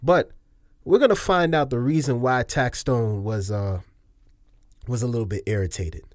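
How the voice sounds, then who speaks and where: A man's voice: mid-range voice, moderate pace, no room sound, studio quality. A man giving casual video commentary, chatty, laughing often, with slangy asides.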